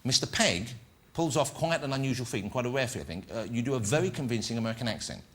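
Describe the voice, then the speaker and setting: A man's voice: medium pitch, expressive, fast talker. A man hosting a TV chat show, teasing his guests and laughing often. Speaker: talk show host. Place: TV studio with audience.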